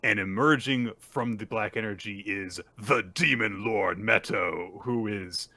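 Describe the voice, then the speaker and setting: A man co-hosting a casual podcast, excitedly retelling a story and acting out the characters' lines. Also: lowish voice, measured pace, no echo. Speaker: podcast co-host. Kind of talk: casual chapter recap.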